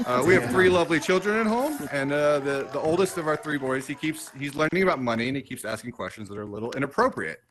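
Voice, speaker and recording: A man in his thirties performing a stand-up set on a comedy club stage, with dry, self-mocking jokes and quick asides to the crowd. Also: on the high side, expressive, poor audio. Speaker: stand-up comedian hosting the show.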